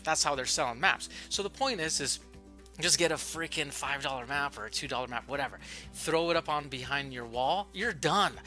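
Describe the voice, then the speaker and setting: A man teaching online English, giving casual, playful and excitable how-to advice in a vlog. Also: mid-range voice.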